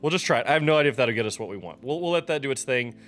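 A man talking through a software tutorial in a casual, loose way, often pausing with ums and restarting his sentences. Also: medium pitch, animated, soft background music. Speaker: streamer teaching a software tutorial. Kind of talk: casual screen-recorded tutorial.

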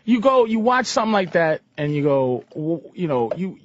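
A man gushes about movies on a talk radio show, stopping and restarting as he swears his way through it. His voice is high and swings widely, with a husky edge. The sound is dry and a bit muffled. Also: sing-song, no echo. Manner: rambling, halting, profane enthusiasm.

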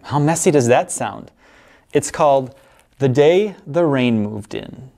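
Woman librarian, story-time read-aloud, slow pace, lively pitch. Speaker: children's librarian.

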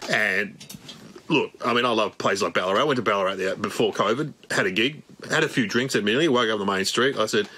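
A man's voice: lowish voice, fast, sharp tone, slightly rough. A middle-aged Australian man doing dry, self-mocking stand-up comedy to camera.

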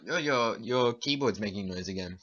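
A young podcast co-host with a bright, clear-toned, fairly low voice reads test questions aloud during casual banter, halting and hesitant with fillers. The home recording is dull and lo-fi.

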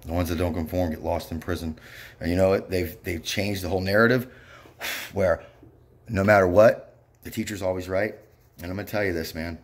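This man's low, steady voice moves briskly but is broken by long pauses as he rants angrily and at length. Bitter and foul-mouthed, he keeps muttering asides and saying "yep" over and over.

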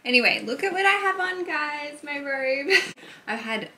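A young woman in her twenties chatting casually to her camera for a vlog, giggly and quick to swear. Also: high-pitched, animated, sharp tone, slight background noise. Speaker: vlogger.

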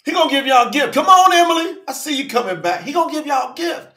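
A man leads a livestream sermon with a strikingly high, bright voice, calling out viewers by name. He swings between shouting and murmuring, and the room rings with echo. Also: expressive, fast. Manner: fervent, calls out to viewers by name. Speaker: preacher hosting a live Bible study.

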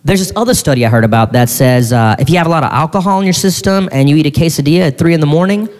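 A man performing stand-up comedy, telling a story in an animated, incredulous way with sudden shouts. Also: a little high, rapid-fire. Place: live comedy venue on stage. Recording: live stage in a reverberant hall with faint crowd ambience.

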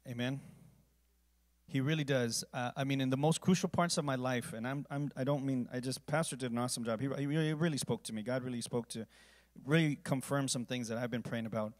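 Male pastor, average pitch, earnest sermon delivery swinging from quiet to booming. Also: fairly even intonation, fairly quick. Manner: earnest storytelling, volume swinging from hushed to loud. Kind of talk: sermon closing with communion and prayer.

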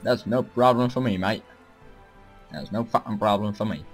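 A young man giving excitable, profane let's-play commentary as he plays a strategy game, often shouting at his units. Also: lowish voice, moderate pace, soft background music. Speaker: gaming channel host.

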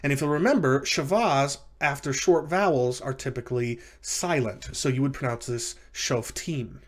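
A man's voice: mid-range voice, normal speed. A man giving a recorded language lecture, explaining step by step with frequent fillers and self-corrections.

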